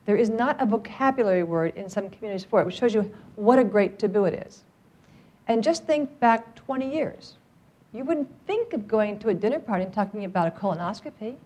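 A woman's voice: mid-range voice, animated, fairly quick, mellow. A middle-aged woman training a live audience, upbeat and joking as she coaxes them to speak up. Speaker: workplace trainer on cancer outreach.

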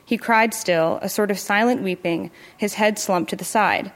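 A woman narrating a literary short story in a measured, even storytelling manner. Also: medium pitch. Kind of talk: literary fiction reading.

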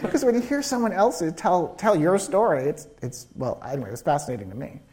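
A man's voice: high-pitched, quick pace, very noisy. A man, a screenwriter, telling stories in a live onstage interview, acting out quotes and laughing often. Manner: animated storyteller who acts out quotes with laughter. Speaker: screenwriter guest.

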